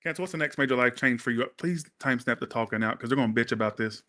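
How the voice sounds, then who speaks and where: This tarot reader's mid-range voice is bright and forceful, and he talks fast. His casual reading drifts into tangents laced with profanity, and he speaks to his viewers while constantly apologizing.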